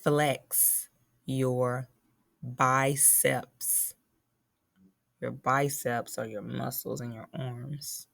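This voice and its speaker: Slow, patient woman teaching phonics. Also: rumbling low, flat delivery, gravelly, a bit bright. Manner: slow, patient, spells and sounds out words. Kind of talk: phonics lesson for young children.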